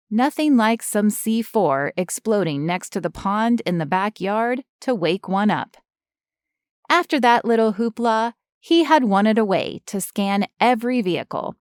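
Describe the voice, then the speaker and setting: A woman reading an audiobook in measured, even scripted narration on a close studio mic. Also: mid-range voice, clear, resonant tone, no room sound.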